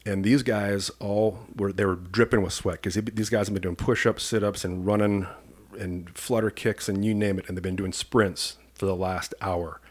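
A man from Iowa, a police commander and podcast guest, telling an animated personal story and acting out the people in it. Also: on the low side, moderate pace. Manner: lively storyteller who acts out the people in his story.

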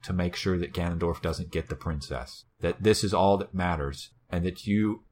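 A man's voice: sits low, normal speed. A man co-hosting a podcast, retelling a story in casual chat, wry and full of swearing. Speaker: podcast co-host.

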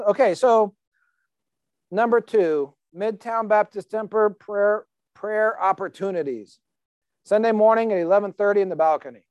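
A man's voice: high-pitched, normal speed, a little mellow, dry recording, lo-fi sound. A man preaching a sermon as pastor in a conversational, emphatic way, asking the congregation questions.

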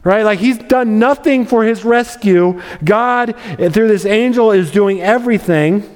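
A man's voice: high voice, measured pace, a little mellow, smooth. A male pastor preaching an expository sermon in a conversational way, with wry asides. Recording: long hall reverb.

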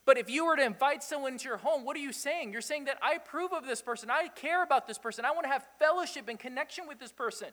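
A pastor with a high-pitched voice delivers a lively sermon. He prods his listeners with rhetorical questions and chuckles often as he makes his points. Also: quick pace, hardly any pauses, big-room sound.

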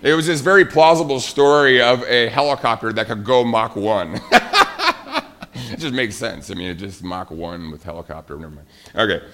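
A man's voice: fairly low pitch, moderate pace. A middle-aged man preaching a sermon, telling a story and talking directly to the children. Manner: animated storytelling, addresses kids directly. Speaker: pastor.

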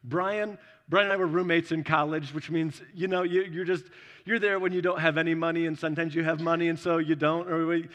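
A man's voice: on the high side, little pitch movement, brisk, fairly bright tone. A man preaching a sermon as a pastor, conversational, acting out little voices as he tells his stories. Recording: long hall reverb.

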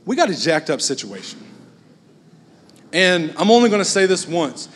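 A man with a high voice delivers a sermon as a guest preacher, casual and blunt with joking asides. His voice carries a long reverb from the hall. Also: big pitch swings, normal speed, long pauses, fairly bright tone.

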